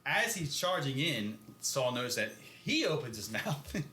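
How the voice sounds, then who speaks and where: A man's voice: medium pitch, sing-song, a little slow, sharp tone, echoey room, slight background noise. A man co-hosting a podcast, recapping a book in a rambling, filler-heavy way and often laughing. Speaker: podcast co-host. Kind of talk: casual chat recapping a book.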